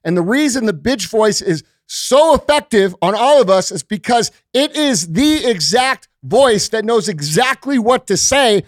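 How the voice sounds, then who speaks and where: A man with a high voice delivers a blunt, profane motivational monologue to his listeners. He hectors them and caps his points with a quick "okay?". The sound is dry and close. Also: dry recording. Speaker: podcast host.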